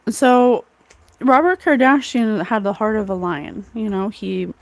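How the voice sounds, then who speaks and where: A woman's voice: medium pitch, unhurried, dry recording. A woman giving a casual, rambling psychic tarot reading, full of fillers and asides. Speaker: psychic reader.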